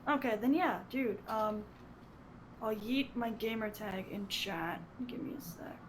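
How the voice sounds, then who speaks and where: A woman guest on a podcast, chatting casually in a playful, apologetic way with quick giggles. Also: medium pitch, a little hiss or hum.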